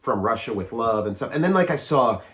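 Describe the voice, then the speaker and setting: This man in his forties co-hosts a podcast, rambling casually and eagerly about films with lots of fillers and restarts. His medium-pitched voice is expressive, brisk and fairly bright, and he laughs often.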